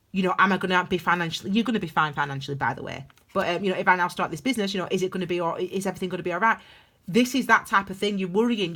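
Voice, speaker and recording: A woman's voice: medium pitch, fairly bright tone. A woman giving a casual spoken tarot reading to camera, talking emphatically and rambling with many restarts. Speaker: tarot reader.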